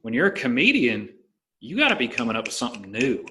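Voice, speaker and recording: A man's voice: mid-range voice, fast, a little hiss or hum. A man with a Southern American accent, a stand-up comedian hosting a podcast, telling stories in loose casual talk full of "like" and "you know". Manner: relaxed storytelling, many fillers like "like" and "you know". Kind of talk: casual conversation.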